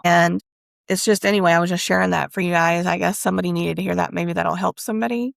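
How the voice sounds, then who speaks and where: A woman's voice: on the low side, steady tone, fast, gravelly, no echo, clean studio sound. A woman hosting a spiritual reading channel, telling a personal story in a rambling, candid way and speaking aloud to spirit as she channels messages. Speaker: spiritual reader and channel host.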